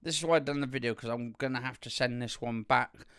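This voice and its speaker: Man, casual vlog talk, rambling with fillers, crisp voice, dry close mic. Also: mid-range voice, fast, a bit bright, dry recording. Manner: rambling with frequent fillers and restarts. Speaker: youtuber. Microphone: studio condenser microphone.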